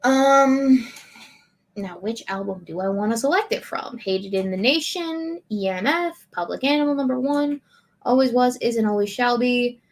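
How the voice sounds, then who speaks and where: A woman streamer reading lyrics aloud in a deadpan way and chatting with her audience. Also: fairly high pitch. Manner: slow, deadpan lyric reading with bursts of laughter.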